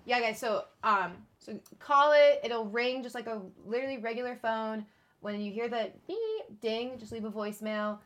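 A woman's voice: a little high, moderate pace, fairly bright tone. A woman co-hosting a podcast in casual chat, laughing often and filling with likes and ums. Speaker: podcast co-host.

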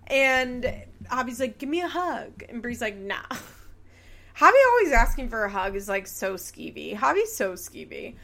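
A young woman with a bright, forceful voice pitched a little high, hosting a casual podcast. She talks in an animated, sarcastic way, swears freely and laughs often. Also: normal speed, creaky. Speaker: podcast host. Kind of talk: casual chat recapping a reality show.

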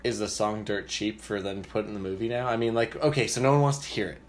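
A man's voice: lowish voice, level tone, fast. A man co-hosting a podcast, talking in a loose, rambling way with frequent hedges. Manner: rambling, hedging with fillers. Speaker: podcast co-host. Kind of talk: casual chat.

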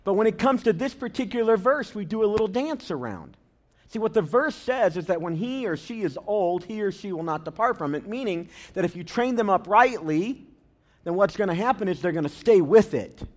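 A man's voice: high-pitched, expressive, brisk, darkish tone. A man preaching a sermon as a pastor, talking conversationally and telling funny stories to the congregation. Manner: conversational and humorous, tells anecdotes.

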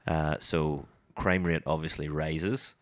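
A man co-hosts a relaxed comics chat. His voice sits very low, and he keeps repeating words and restarting his sentences. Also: dry recording. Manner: halting, many restarts, laughs easily. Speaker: podcast co-host. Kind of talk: casual comics discussion.

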